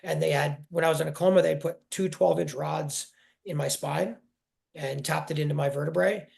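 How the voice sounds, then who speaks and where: A man in his forties telling his personal story in an interview, halting and emotional, often restarting his sentences. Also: a little high, steady tone, gravelly, a little mellow. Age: 40s. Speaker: guest.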